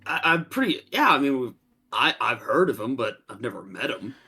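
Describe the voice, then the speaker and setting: An excitable male player in a tabletop game who laughs easily. His voice is very bright and swoops widely in pitch. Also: normal speed, slightly rough. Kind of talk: casual tabletop play.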